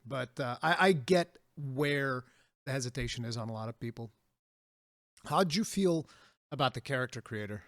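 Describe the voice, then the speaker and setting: A man hosting a casual gaming podcast, telling animated stories and laughing often. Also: mid-range voice, moderate pace, no room sound, studio quality. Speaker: podcast host.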